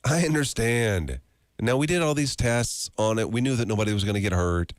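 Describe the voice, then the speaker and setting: A man's voice: mid-range voice, brisk, no echo, clean studio sound. A man hosting a morning radio show, telling stories and joking in casual banter. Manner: storytelling, animated and joking. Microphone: studio microphone.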